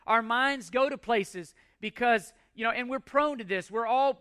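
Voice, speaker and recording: Pastor, male, 40s, high bright voice, emphatic sermon delivery with rhetorical questions, dry close sound. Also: fairly quick, hardly any pauses, clear, resonant tone, no echo.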